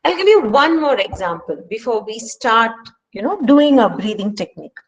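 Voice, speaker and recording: A woman's voice: on the high side, sing-song, normal speed, highs cut off. A woman with an Indian English accent leading a stress management workshop and speaking earnestly, with emphatic rhetorical questions. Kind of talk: online workshop lecture. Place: home, speaking remotely.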